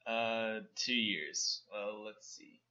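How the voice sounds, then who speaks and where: A man's voice: on the low side, pushed and bright. Dry, wry man on a lo-fi podcast. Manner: dry, wry, quick to tease. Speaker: podcast co-host. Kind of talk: casual joking chat.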